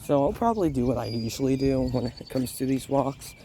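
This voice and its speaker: Walking outdoors through his neighborhood, a young vlog host chats in a casual, rambling way, breaking off with frequent laughs despite being slightly sick. His mid-range voice is warm, lively and a little fast. Birds and a barking dog add slight background noise.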